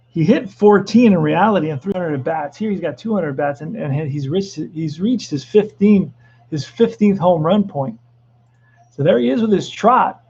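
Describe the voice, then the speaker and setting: A middle-aged man doing excitable play-by-play commentary of a tabletop baseball replay, with joking asides. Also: sits high, vocal fry, breathy edge, muffled recording.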